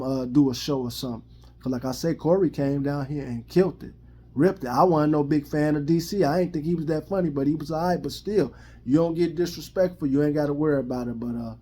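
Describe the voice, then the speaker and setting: A man's voice: on the high side, warm tone. Blunt, profane Chicago man ranting. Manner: blunt, profane, repetitive street slang. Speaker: vlogger giving his opinion. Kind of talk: casual rant to camera.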